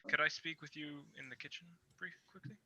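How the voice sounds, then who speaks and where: A man's voice: a little high, fairly even intonation, brisk, bright, forceful tone, no echo, muffled recording. A man voicing a curious, polite adventurer with a metal arm. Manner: polite and probing.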